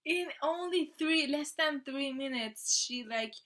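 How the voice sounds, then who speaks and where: A young woman with a bright, forceful voice pitched a little high, gushing through a casual reaction vlog. She swears freely, talks excitably and slips into breathy whispers now and then. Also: takes it slowly. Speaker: YouTuber reacting to a music video.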